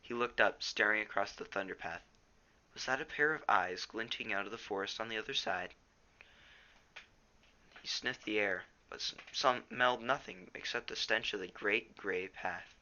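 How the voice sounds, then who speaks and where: A man's voice: on the low side, moderate pace, pushed and bright, dull audio. A teenage boy reading a novel aloud at home, plainly, with small stumbles. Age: teens. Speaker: reader.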